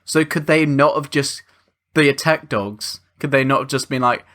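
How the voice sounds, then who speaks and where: A man co-hosting a podcast, joking casually and animatedly about a film. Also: medium pitch. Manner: animated, jokey, quick to laugh. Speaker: podcast co-host. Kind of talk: casual film review chat.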